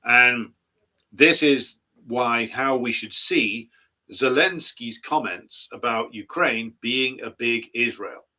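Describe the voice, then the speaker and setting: A man's voice: mid-range voice, slow, sharp tone. A man hosting a political commentary stream, arguing his case and posing rhetorical questions. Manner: argumentative, asks rhetorical questions.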